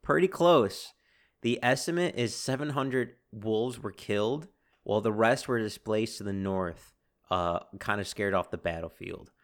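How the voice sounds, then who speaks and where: A man hosting a casual history podcast, telling the story with animated bursts and acted-out quotes. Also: on the low side, moderate pace. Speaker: podcast host.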